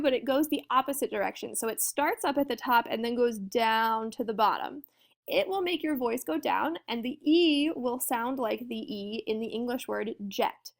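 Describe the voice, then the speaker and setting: A woman's voice: sits high, vocal fry. A woman teaching a lesson in a friendly, explanatory way, often asking her students questions. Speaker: French teacher. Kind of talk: classroom lesson walkthrough.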